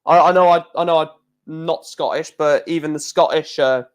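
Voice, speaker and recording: A man hosting a casual live stream, talking in an excitable, rambling way with many restarts. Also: fairly high pitch, normal speed.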